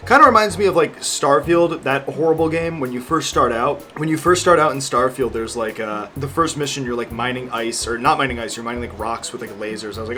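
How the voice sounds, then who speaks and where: A man's voice: medium pitch, a little fast, few pauses, sharp tone, soft background music. A young man in his twenties chatting casually as a vlogger, rambling and joking with lots of fillers and swearing. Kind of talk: casual chat.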